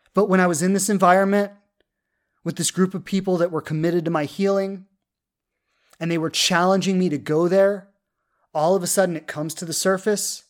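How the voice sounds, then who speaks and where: Earnest woman coach in her thirties. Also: lowish voice. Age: 30s. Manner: earnest, heartfelt, many fillers and restarts. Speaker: love coach. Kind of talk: personal storytelling talk.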